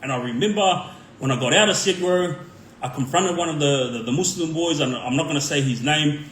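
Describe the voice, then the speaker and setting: A man's voice: a little high, a little fast, a bit bright, echoey room, a little hiss or hum. An Australian man, a former inmate, telling his prison stories casually and rambling with lots of slang and filler words. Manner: rambling, full of "like" and "um", street slang. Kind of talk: casual storytelling.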